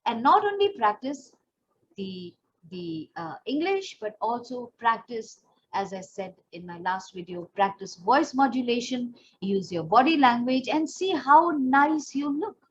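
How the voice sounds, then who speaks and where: A woman's voice: fairly high pitch, slight background noise. A woman with an Indian accent, a pageant coach giving earnest, encouraging advice straight to her viewers. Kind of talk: instructional talk to camera. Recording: slightly dull recording.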